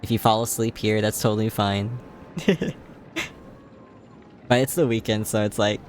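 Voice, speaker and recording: A man hosts a casual game livestream, tired but playful, giggling a lot as he chats with viewers over game music. His voice is on the low side and steady in tone, a little slow with long pauses, and there's slight background noise.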